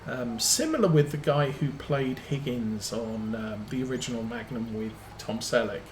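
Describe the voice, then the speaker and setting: A man's voice: mid-range voice, lively intonation, moderate pace, a little hiss or hum. A man streaming a farming game, telling rambling anecdotes full of ums as he plays. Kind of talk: casual chat while playing a farming game. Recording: roomy echo.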